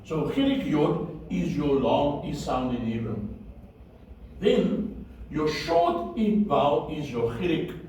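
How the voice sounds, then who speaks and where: This slightly high, warm male voice swings widely in pitch and takes things slowly while lecturing on Biblical Hebrew. The teacher repeats key words and checks that his students keep up. Heavy echo, distance, and faint room noise mark the recording.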